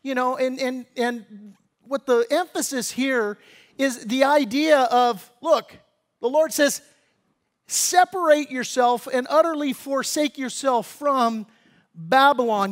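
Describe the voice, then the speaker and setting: High-voiced preaching pastor, casual asides. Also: male voice, slow. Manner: conversational preaching, grows louder and higher when exhorting; slangy asides. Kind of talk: sermon.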